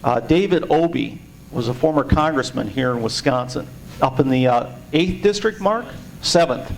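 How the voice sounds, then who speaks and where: A man's voice: mid-range voice, lively intonation, moderate pace, creaky, slight background noise, poor audio. A man giving a sarcastic, indignant presentation to a party meeting. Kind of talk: informal speech to a meeting.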